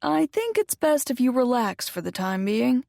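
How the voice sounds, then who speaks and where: A woman voicing a calm, middle-aged male doctor who speaks in a measured, reassuring way. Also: fairly high pitch, vocal fry, no room sound, studio quality, voice pushed up.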